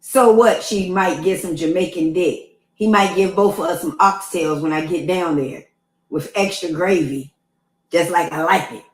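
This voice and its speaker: A woman's voice: on the low side, unhurried, roomy sound. A woman doing crude, teasing banter in a casual reaction chat.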